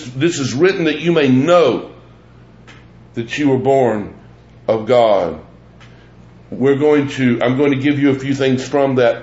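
A man preaching a sermon as pastor, deliberate and emphatic, repeating phrases for weight. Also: mid-range voice, roomy sound, lo-fi sound. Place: church sanctuary.

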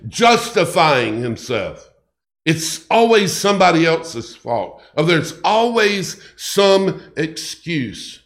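A male pastor preaching in a slow, emphatic way, repeating phrases for weight. His voice sits a little high for a man, and he takes his time with every line. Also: sing-song, a bit bright. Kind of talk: sermon.

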